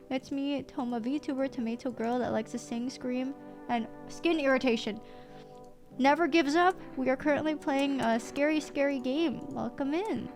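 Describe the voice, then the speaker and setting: A young woman streaming a game live, excitable and jumpy, reading the game's characters aloud between her reactions. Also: sits high, normal speed, faint music behind.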